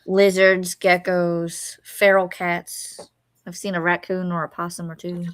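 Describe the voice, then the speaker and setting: A woman from Florida talks unhurriedly at home, rambling through small everyday details. She speaks slowly and evenly. The recording is dry and close. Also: lowish voice, little pitch movement, clear, resonant tone, dry recording. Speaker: co-host of a writing sprint stream. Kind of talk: casual chat.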